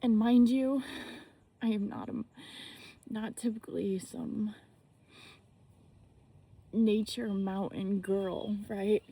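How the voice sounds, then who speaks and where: A woman speaking outdoors in a slow, halting, emotional personal reflection, with restarts and whispered asides. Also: medium pitch, steady tone, gravelly, warm tone, husky. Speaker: spiritual vlogger.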